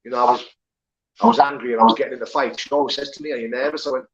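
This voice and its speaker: A man's voice: medium pitch, fairly even intonation, racing, lo-fi sound. A man, candidly telling his life story as an interview guest, swearing and rambling with many fillers. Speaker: guest, former prisoner turned pro fighter.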